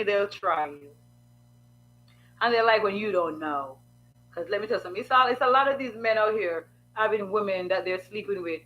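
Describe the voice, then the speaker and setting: A woman's voice: medium pitch, a bit bright, muffled recording. A woman giving frank, sassy advice in a preachy monologue full of rhetorical questions.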